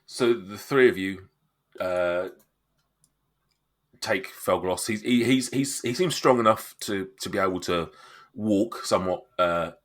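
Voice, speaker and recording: Deep-voiced game master. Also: male voice, a little slow. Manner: hesitant, many fillers and restarts. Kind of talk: narrating a tabletop game.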